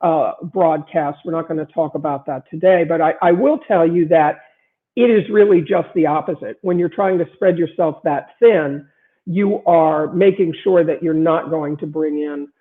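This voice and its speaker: A woman's voice: sits low, moderate pace. A middle-aged woman who coaches lawyers, talking straight to her viewers in a conversational way with frequent "uh" fillers and restarts. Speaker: lawyer coach hosting a broadcast. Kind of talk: direct-to-camera advice talk. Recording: tinny phone-like sound.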